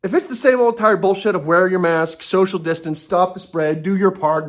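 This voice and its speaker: A man's voice: high voice, moderate pace. A man delivering an angry, profane and sarcastic comedy rant from home, talking to himself and breaking off mid-thought. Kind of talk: ranting comedy monologue.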